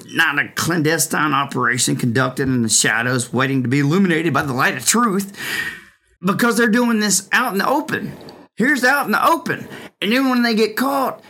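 Emphatic, lively-voiced male political commentator. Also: fairly high pitch. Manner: indignant, emphatic, rhetorical. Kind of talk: opinion monologue.

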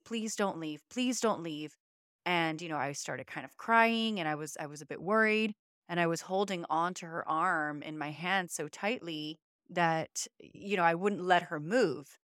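A woman's voice: on the low side, fairly bright tone, smooth, dry recording, studio quality. A woman podcast co-host telling a personal story in an earnest, emotional, conversational way. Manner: earnest, emotional, uses many fillers.

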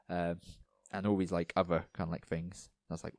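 A man co-hosting a casual podcast chat, rambling with lots of fillers and going a little hoarse. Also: sits low, level tone, brisk, a little mellow, dry recording. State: losing his voice, coughing. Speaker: podcast co-host.

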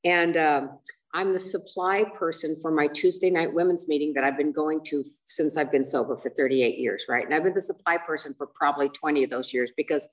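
Recorded from a distance, an older woman shares her own story at a recovery meeting in a low-pitched, steady, fairly quick voice. She's candid and self-mocking, rambling along with plenty of fillers and asides.

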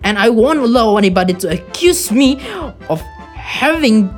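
A man playing a nervous, hypochondriac young suitor who gets agitated and shouts in a quarrel. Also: sits high, animated, normal speed, soft background music. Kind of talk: amateur stage play reading.

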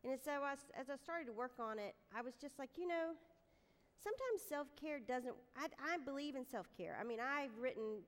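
A middle-aged woman, giving an animated, self-deprecating devotional talk to a room of moms. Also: high voice, moderate pace. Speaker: speaker at a women's gathering. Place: room with a live audience. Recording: long hall reverb.

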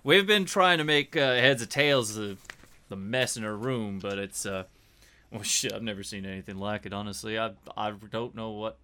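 A man's voice: fairly low pitch, moderate pace, clear, resonant tone. A man doing a weary swearing NYPD detective. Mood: troubled. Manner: loud, hesitant, swearing.

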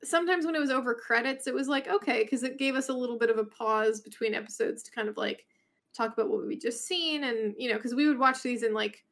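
A woman's voice: on the high side, quick pace, a bit bright. Rambling woman podcast co-host. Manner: rambling, thinks aloud with many restarts. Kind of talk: casual chat.

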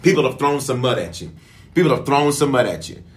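A man's voice: mid-range voice, animated, a little fast. A man preaching as bishop in a livestreamed sermon, calling out to his listeners and repeating lines for emphasis.

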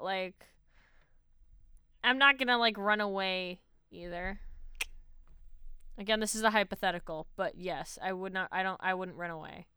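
Bright, crisp-voiced woman reading a quiz. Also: mid-range voice, no echo, clean studio sound. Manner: reads options aloud in a steady, matter-of-fact way. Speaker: podcast co-host. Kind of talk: casual chat, reading quiz questions.

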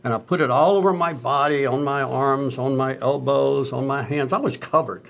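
A man's voice: medium pitch, moderate pace, creaky. A middle-aged man, a doctor, telling stories in a casual conversation and acting out the voices of the people he quotes. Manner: animated storyteller, acts out quoted voices. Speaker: doctor, co-host.

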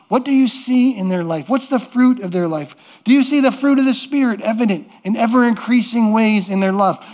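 A man's voice: high-pitched, darkish tone. A middle-aged man preaching a sermon as pastor, earnest and conversational, often repeating and restarting words.

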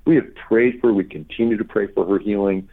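A middle-aged man, a pastor, telling healing stories in an interview and acting out the people he quotes. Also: a little fast. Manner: animated storyteller, acts out quotes with high pitch jumps. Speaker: pastor and author, guest. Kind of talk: conversational interview, storytelling. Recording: tinny phone-line audio.

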